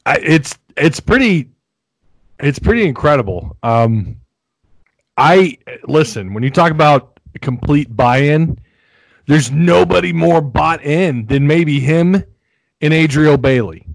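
A man's voice: fairly high pitch, animated, takes it slowly, creaky, dry recording, low-quality recording. A man from Arkansas with a light Southern accent, hosting a casual sports podcast, rambling and laughing often. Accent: Northwest Arkansas Southern. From Fayetteville, Arkansas. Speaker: podcast host.

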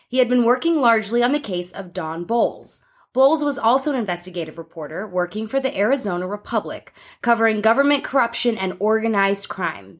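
A woman hosting a casual true-crime podcast, telling a story and laughing often. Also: mid-range voice. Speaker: podcast host.

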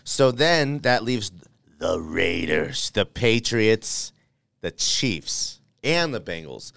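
Playful animated male sports talk host. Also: on the low side, takes it slowly, vocal fry, no room sound, clean studio sound. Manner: animated, playful, thinks aloud with restarts. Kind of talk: casual sports debate.

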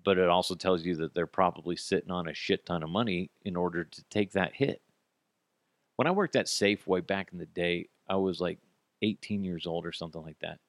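A man's voice: sits low, brisk, no echo. A man hosting a podcast alone, giving blunt, profane, sarcastic commentary. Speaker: podcast host. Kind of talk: solo commentary.

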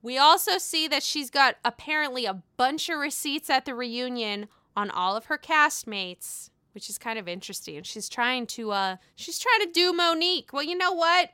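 A woman's voice: sits high, expressive, normal speed, few pauses, sharp tone, smooth, no room sound, clean studio sound. A woman giving casual gossip commentary, chatty and sassy, swearing freely as she goes. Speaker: gossip vlogger.

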